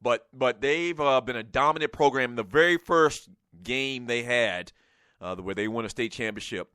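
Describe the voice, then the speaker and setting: A man in his forties with a Geechee accent from the South Carolina Lowcountry, hosting a sports talk radio show and telling a lively story about high school football. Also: moderate pace, clear, resonant tone, no room sound, clean studio sound. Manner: storytelling, animated, laughs and raises voice at the big moments.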